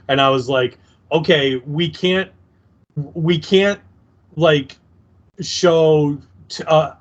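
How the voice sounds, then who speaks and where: A man's voice: mid-range voice, dull audio. A man co-hosting a podcast, chatting about an episode in an incredulous tone and often restarting his sentences. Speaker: podcast co-host. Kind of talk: casual episode recap chat.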